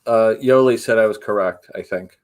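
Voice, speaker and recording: A man's voice: fairly low pitch, moderate pace. A man appearing as a podcast guest, chatting casually and tossing in dry jokes. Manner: dry joking asides. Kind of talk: casual chat.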